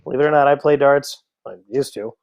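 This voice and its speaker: A man's voice: mid-range voice, a little fast, a little mellow. A man from the United States doing live darts commentary, chatty and joking in asides to viewers.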